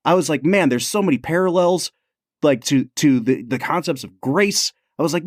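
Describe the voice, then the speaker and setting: A man co-hosting a podcast in casual chat, earnest and excitable, filling his talk with "like". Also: fairly high pitch, moderate pace, no echo, studio quality. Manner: earnest, excitable, says "like" a lot. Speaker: podcast co-host.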